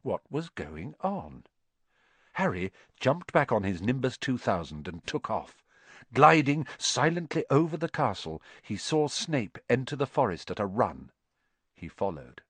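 A man narrating a storybook aloud in an expressive style. His pitch moves in a lively way through each line. The recording is close and dry, with no room sound. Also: a little slow, husky, dry recording. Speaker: audiobook narrator. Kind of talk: scripted narration.

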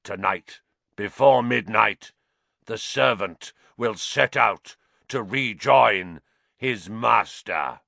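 Guy putting on an entranced seer, harsh and loud, slow, dragged-out words, dry sound. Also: fairly low pitch, gravelly, dry recording, full character voice. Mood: ominous, trancelike. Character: entranced female seer in a harsh prophetic trance.

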